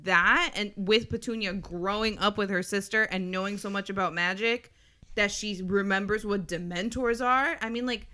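A woman's voice: medium pitch, fairly even intonation, normal speed, sharp tone. A young woman co-hosting a podcast in casual chat, talking in loose runs full of fillers. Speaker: podcast co-host.

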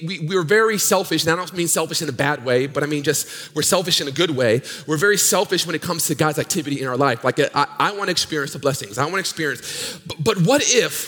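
A male pastor preaching a sermon, swinging from loud sung peaks down to low murmurs in call-and-response style. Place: church sanctuary. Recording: long hall reverb with faint music.

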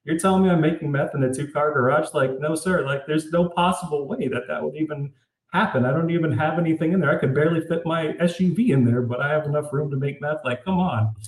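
A man's voice: a little high, fast. A man being interviewed as an author, telling stories casually and animatedly, saying "like" a lot with a disbelieving tone. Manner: animated, says "like" often, incredulous. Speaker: author guest. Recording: roomy echo.

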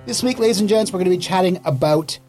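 A man's voice: sits high, fast, darkish tone, faint music behind. A man hosting a gardening radio show in a studio, talking in a playful, joking way. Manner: upbeat, jokey, playful. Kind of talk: casual radio chat.

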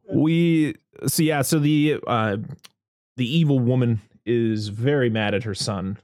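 A man's voice: mid-range voice, slow pace, a little mellow, no echo, clean studio sound. A man chatting casually as a podcast host, recapping a film, laughing often and acting out the characters' lines. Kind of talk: casual chat.

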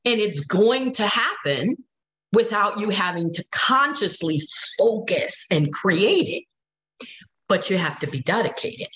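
Storytelling woman with a slightly hoarse voice. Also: medium pitch, a little slow, reverberant, a little hiss or hum, low-quality recording. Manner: storytelling, animated, laughs often. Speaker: guest speaker. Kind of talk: casual spiritual talk.

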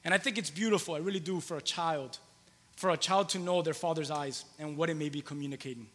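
Bright-voiced pastor man, echoing hall. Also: on the high side, fast. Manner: conversational, repeats phrases for emphasis. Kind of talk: sermon. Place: church hall with long reverb.

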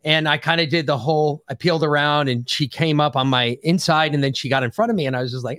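A man's voice: fairly high pitch, fast talker, hardly any pauses, a bit bright, no room sound, clean studio sound. A man on a podcast, telling a long, profane, rambling anecdote in a casual chat. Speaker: podcast co-host.

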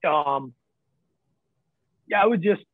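Speaking slowly in a slightly high voice, a man from the northern United States tells rambling stories as a podcast guest. He frequently chuckles and swears, and the tinny, phone-like recording has no echo.

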